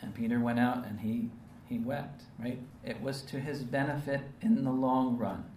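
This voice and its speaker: A man's voice: mid-range voice, fairly even intonation, moderate pace, darkish tone, slight background noise. Earnest male preacher in a roomy space. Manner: earnest, emphatic, with frequent rhetorical "right?" and "okay?" tags. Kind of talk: sermon. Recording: roomy, distant mic with faint ambience.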